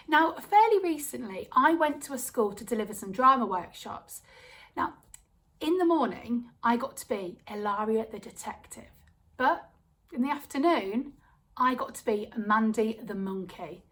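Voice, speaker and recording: A young woman from England telling a comic personal story in a lively way, acting out the voices of the people in it. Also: on the high side, normal speed. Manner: lively, acts out quoted voices.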